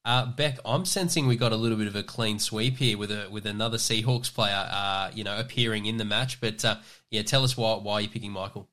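A man's voice: lowish voice, fairly even intonation, fairly quick, hardly any pauses, fairly bright tone. An Australian man hosting a casual sports podcast, loose and chatty, leaning on fillers while he steers the talk. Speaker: podcast host.

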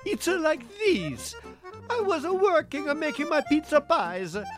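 A man voicing a grumbling pizza parlor owner in a comically bad put-on Italian accent, halting and full of filler sounds. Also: very high-pitched, very animated, over music. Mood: disgruntled. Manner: halting, full of "uh"s, broken grammar. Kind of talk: comedy audio sketch.

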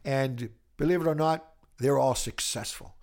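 An older man from Italy with a light Italian accent, a music educator telling animated, rambling stories with many restarts in a casual interview. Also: mid-range voice, moderate pace. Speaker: music educator, podcast guest.

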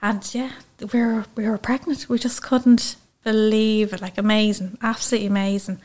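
A woman with an Irish accent, a guest telling a personal story in a lively, chatty way. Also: mid-range voice, normal speed. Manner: chatty, lively, acts out quoted speech. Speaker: interview guest.

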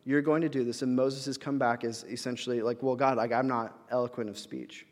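A young man preaching in a relaxed, chatty way, full of fillers and restarts, now and then acting out the voices he quotes. His voice sits at an ordinary middle pitch. It rings with a long reverb, as in a large hall. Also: fairly quick. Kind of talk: conversational sermon.

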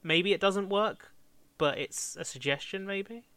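Young guy, bright tone, dry close sound, casual rambling planning chat. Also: high-pitched, unhurried, clean tone, no echo. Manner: rambling, self-correcting, laughs often. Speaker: fan script co-writer.

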